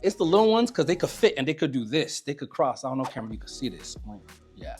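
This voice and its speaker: A man's voice: mid-range voice, big pitch swings, fast, a little mellow, faint music behind. A man co-hosting a podcast, ranting bluntly and with lots of swearing in casual group chat. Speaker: podcast co-host.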